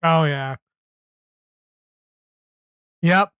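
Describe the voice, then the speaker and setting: A man's voice: a little high, very slow, a bit bright, clear, resonant tone, no room sound. A man hosting a live reaction stream, talking bluntly and exclaiming, often repeating himself when worked up. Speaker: streamer host.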